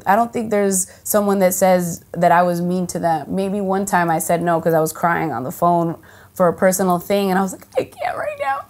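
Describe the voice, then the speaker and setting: An actress from the United States of Dominican heritage, chatting casually in an interview, full of fillers and restarts and lively quoted voices. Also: female voice, medium pitch. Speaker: actress and singer, guest.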